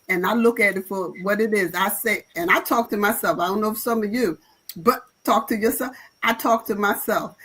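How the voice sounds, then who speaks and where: A woman's voice: mid-range voice, a bit bright, breathy edge, low-quality recording. A woman pastor speaking on a live panel, emphatic and encouraging, with a preaching flavor.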